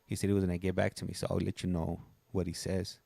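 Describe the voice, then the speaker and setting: Low gravelly man chatting casually. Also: little pitch movement, fast talker, dark tone, dry recording. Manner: rambling, chatty, many restarts. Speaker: livestream host. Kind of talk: casual chat.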